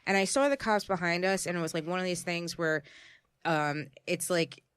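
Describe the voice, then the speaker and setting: Woman cohost gabbing thru a story, smooth voice, dry close sound. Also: lowish voice, moderate pace, dry recording. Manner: animated, chatty storytelling. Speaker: podcast co-host. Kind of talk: casual chat.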